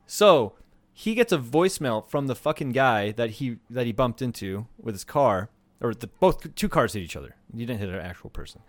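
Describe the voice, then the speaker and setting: A man co-hosting a podcast, telling a story in a rambling, profane, animated way. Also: mid-range voice, normal speed, no room sound. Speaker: podcast co-host. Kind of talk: casual storytelling chat.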